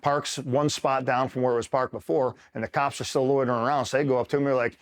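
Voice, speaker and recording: A retired Marine from upstate New York, appearing as an interview guest, tells a rambling war-buddy story. He talks fast in a mid-range voice with fairly even intonation, swears freely, and keeps checking in with the listener.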